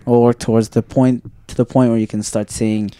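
A young man talks in a mellow, darker tone and leans on "like" constantly. He sounds earnest and encouraging as a podcast co-host. The recording is close and dry. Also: mid-range voice, level tone, moderate pace, smooth, no echo. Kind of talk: casual chat.

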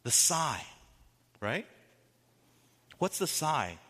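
Animated preacher man in a hall. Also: on the high side, extremely slow, slightly rough. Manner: animated preaching, dramatic quoting, rising emphasis. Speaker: pastor. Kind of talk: sermon.

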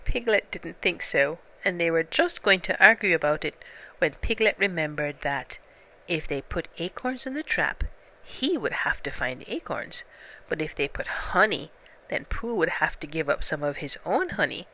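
Bright-voiced woman reading a children's story. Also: deep voice, expressive, normal speed.

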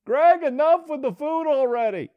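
A man's voice: extremely high pitch, expressive, moderate pace, no room sound, lo-fi sound, voice pushed up. A man voicing a silly, exaggerated inner voice that nags about food.

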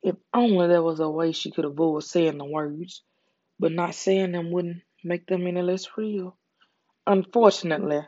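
An ASMR storyteller with a Southern US accent reads a story in a calm, soothing way. The tone is mellow and close-miked, and the sound is dry. The recording is dull and lo-fi. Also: mid-range voice, no echo. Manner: calm, slow, soothing reading. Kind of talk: soft ASMR story reading.

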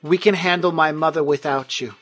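A man's voice: fairly high pitch, steady tone, fairly quick, fairly bright tone, soft background music. A man voicing a defiant young woman, a wife, in a tabletop game.

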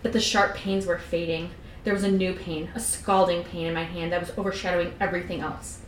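A woman's voice: fairly low pitch, little pitch movement, fairly quick, slight background noise. Young woman reading aloud in an echoey room. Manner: giggly, irreverent. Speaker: podcast co-host. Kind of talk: reading a novel aloud with casual commentary.

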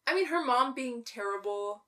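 A woman's voice: fairly high pitch, expressive, moderate pace, sharp tone, recorded from a distance. A woman, co-hosting a casual movie podcast, sarcastic and swearing freely. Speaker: podcast co-host. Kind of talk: casual movie recap chat.

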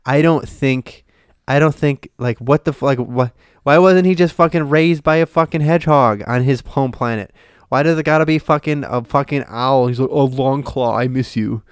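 A man's voice: a little high, normal speed, clear, resonant tone, dry recording, clean studio sound. A man co-hosting a casual podcast, ranting and swearing a lot. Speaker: podcast co-host. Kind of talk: casual chat.

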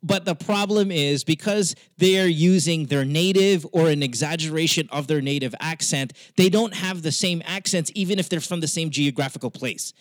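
A man's voice: fairly high pitch, moderate pace, hardly any pauses, no echo. A man with a Western, almost Americanized accent, hosting a podcast in casual, profane, argumentative chat with many stammered restarts. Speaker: podcast host.

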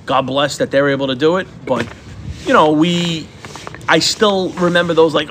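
A man's voice: a little high, normal speed, a little hiss or hum. A man in his forties co-hosting a podcast, telling rambling stories in casual chat, swearing often and acting out what people said. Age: 40s. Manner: rambling storyteller, swears a lot, acts out quotes loudly. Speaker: podcast co-host.

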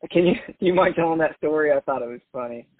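A man conducts an interview, prompting his guests with hesitant questions that trail off. His voice is slightly high for a man. The sound is tinny and phone-like, and dry with no room around it. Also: fast, dry recording.

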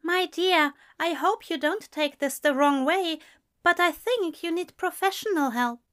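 A woman voicing a gentle, fussy male angel in a raised, soft, solicitous voice. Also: high-pitched, sing-song, fairly quick, voice pushed up. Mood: concerned.

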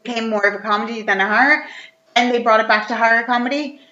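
A woman chatting casually, retelling a film's plot with animated, sweary humour and acting out the characters. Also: a little high, fast, soft background music. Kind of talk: casual chat. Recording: roomy, slightly dull recording.

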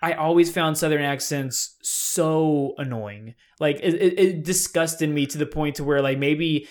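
A young man co-hosting a podcast in casual chat, with soft R sounds, laughing often and rambling. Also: a little high, a little slow. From South Carolina. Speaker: co-host.

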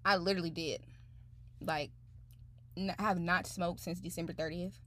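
A woman's voice: on the low side, steady tone, moderate pace, a bit bright, a little hiss or hum. Chatty upbeat woman podcast host. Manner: chatty and upbeat, many fillers like "you know" and "like". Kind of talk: casual podcast monologue.

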